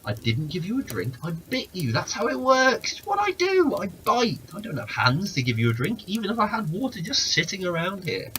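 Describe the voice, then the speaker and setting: A man's voice: sits high, wildly swooping pitch, moderate pace, few pauses, a bit bright, slight background noise, pitched above the performer's own voice, heavily acted. A talking rattlesnake lays out the rules patiently, with a dry joke never far away, voiced by a man. The delivery rises and falls freely, like a storybook reading. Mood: matter-of-fact. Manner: patient, explaining and dryly joking. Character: calm, wry talking rattlesnake who grants wishes.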